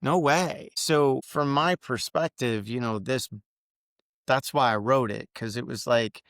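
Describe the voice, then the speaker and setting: A man's voice: mid-range voice, measured pace, fairly bright tone, clean tone, no echo, clean studio sound. A man, a veteran guest on a podcast, talking candidly and bluntly with frequent swearing.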